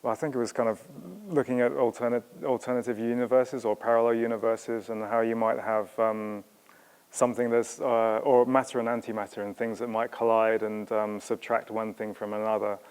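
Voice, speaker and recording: A man, a sculptor talking about his exhibition, speaking haltingly with many pauses and restarts. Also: medium pitch, flat delivery, darkish tone, clean tone. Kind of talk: hesitant conversational talk. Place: museum auditorium. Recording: long hall reverb.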